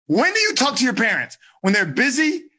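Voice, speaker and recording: Animated man coaching teens, husky voice. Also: very high-pitched, a little fast. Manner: animated, acts out dialogues, asks thumbs up or down. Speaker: teen life coach.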